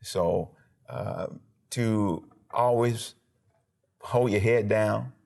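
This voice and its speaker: Man, very gravelly, low, emphatic storyteller, pastor. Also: very slow. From Alabama, USA. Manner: emphatic, animated storyteller who acts out quotes and sound effects. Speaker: pastor and former football player. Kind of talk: personal storytelling in a TV interview.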